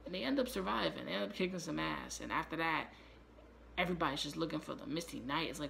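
A man hosting his own channel, giving a loose, profane and excitable spoiler recap with quick asides. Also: on the high side, gravelly, slight background noise. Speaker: YouTube show reviewer.

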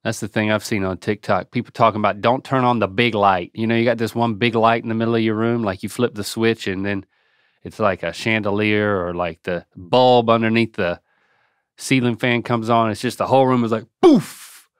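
A man co-hosting a casual podcast chat, explaining home tips in an animated way with playful sound effects. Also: on the low side, fairly quick, clear, resonant tone, no echo, studio quality. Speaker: podcast co-host.

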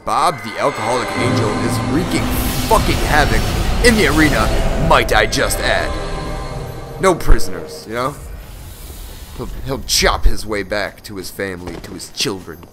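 A man commentating his online matches in a loose, profane, joking way. His pitch swings widely, and he jumps from mumbled asides to excited shouts. Loud music plays behind him the whole time. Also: moderate pace. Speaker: gameplay commentator. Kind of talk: casual gameplay commentary.

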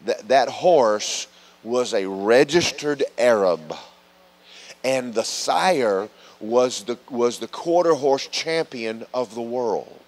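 Preacher swinging loud to soft. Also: male voice, medium pitch, slow. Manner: lively storytelling preacher, swings from loud calls to soft asides. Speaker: pastor. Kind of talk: sermon. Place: church sanctuary.

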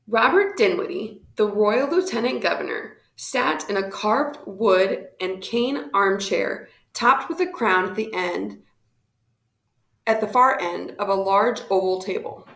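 A woman reading a historical storybook aloud in steady, measured narration. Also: medium pitch, gravelly, roomy sound.

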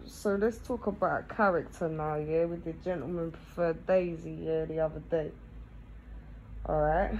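A woman's voice: deep voice, darkish tone, slight background noise, low-quality recording. A woman, chatting casually to camera, tagging nearly every phrase with "yeah?" and laughing between thoughts. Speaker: vlogger.

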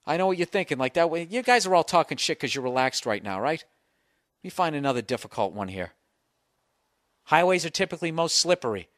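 A middle-aged Boston man rants through a comic story on his podcast, swearing freely and acting out his own panicked thoughts. His voice sits a bit high for a man, and the close mic sounds dry with no room around it. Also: a little fast, dry recording. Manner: profane, animated storytelling with self-mocking inner voices. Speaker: podcast host. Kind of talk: comic monologue.

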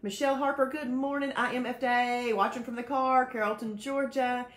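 A woman's voice: a little high, steady tone, normal speed. A woman hosts a live show, cheerfully greeting viewers by name and mixing in devotional teaching. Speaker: host of a faith-based weight-loss live show. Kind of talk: casual live-stream chat, reading viewer comments. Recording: echoey room.

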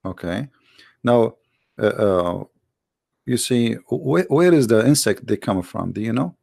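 A man with a gravelly, rough-edged voice hosts a heated call-in debate. He presses insistently, repeats his questions and cuts in, with a sarcastic edge. The sound is close and dry. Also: medium pitch, animated, unhurried, a little mellow, no room sound. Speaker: debate host.

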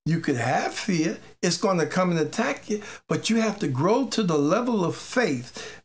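At a moderate pace and in a very animated mid-range voice, a faith teacher preaches informally. Testimony alternates with exhortation, key phrases are emphatically repeated, and words are sometimes stumbled over.

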